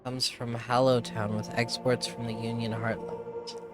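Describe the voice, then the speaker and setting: A weary harbor official woman, blunt and quick to swear about her chores, as a man reads her out. She sits at a middle pitch with a plain, everyday delivery, and faint game music plays underneath. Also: level tone, lightly acted. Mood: grumbling. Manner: dry, swearing complaints.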